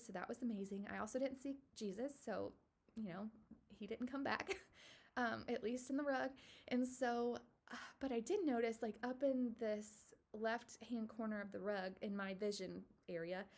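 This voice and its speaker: A young adult woman telling a personal story to camera in a casual, earnest way, with many fillers and soft whispered asides. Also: a little high, gravelly. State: tearful at moments. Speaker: vlogger.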